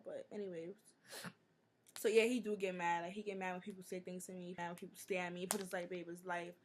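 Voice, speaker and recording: A young woman, telling stories in a casual, animated Q&A vlog. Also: on the low side, slight background noise. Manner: chatty, animated storytelling with many "like"s. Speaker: vlogger.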